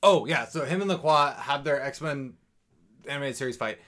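A man's voice: mid-range voice, moderate pace, sharp tone. A man co-hosting a casual podcast, recapping a TV episode in a loose, rambling, profane way. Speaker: podcast co-host. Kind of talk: casual chat recapping a TV show.

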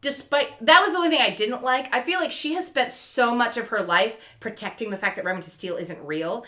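A woman's voice: on the high side, a little fast. A woman co-hosting a podcast, casually retelling a TV episode and acting out the characters' lines, laughing and swearing as she goes. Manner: animated storyteller, laughs often, swears casually. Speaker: podcast co-host recapping a TV episode. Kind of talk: casual chat, retelling scenes with quoted voices.

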